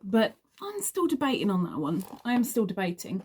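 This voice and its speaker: A woman's voice: on the low side, huge pitch swings, darkish tone, slightly rough. A woman reviewing a crochet magazine, reading bits aloud and wandering into chatty asides. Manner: chatty, trails off into asides, unhurried. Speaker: crochet vlogger.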